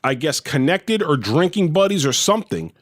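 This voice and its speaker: A man in a casual podcast, swearing freely as he spins an animated story. His voice sits high and swoops all over the place as he acts out each part. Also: normal speed. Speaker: podcast host.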